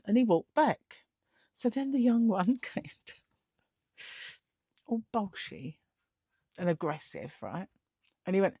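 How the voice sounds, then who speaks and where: A woman's voice: mid-range voice, sing-song, a little slow, pauses often, darkish tone, slightly rough, no echo, clean studio sound. A middle-aged woman telling a story in a casual vlog, chatty and laughing often, acting out the other people in it. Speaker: vlogger.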